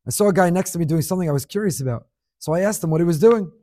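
A middle-aged man teaching a Torah class, sharing listener emails with animated emphasis and Hebrew words woven in. His voice sits fairly high but sounds mellow and dark. The recording is dry and close. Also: racing, dry recording.

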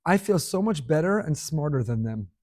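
A man's voice: a little high, lively intonation, moderate pace, darkish tone. A middle-aged man giving an emphatic sermon, repeating key words and asking rhetorical questions.

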